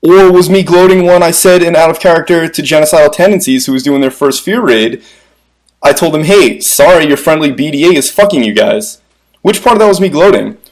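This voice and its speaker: A man's voice: a little high, a little fast, rough recording. A man arguing indignantly and profanely over voice chat about a game raid dispute. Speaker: rival guild member in a dispute. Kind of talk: heated voice-chat argument.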